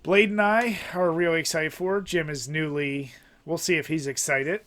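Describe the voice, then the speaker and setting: Upbeat, joking podcast host, slightly high voice. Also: male voice, fairly even intonation, moderate pace, fairly bright tone. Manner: upbeat, joking, casual swearing. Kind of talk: casual podcast chat.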